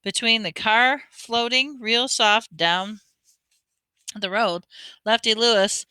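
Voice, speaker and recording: A woman reads a children's novel aloud in a lively storytelling manner. Her voice is bright and smooth, with a dry, close sound and no room around it. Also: on the high side, slow pace, no room sound. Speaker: audiobook reader.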